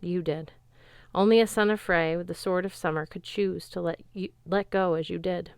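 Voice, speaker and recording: Woman reading a calm, solemn father god. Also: lowish voice, vocal fry, smooth, dry recording, clean studio sound. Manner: solemn, measured, formal.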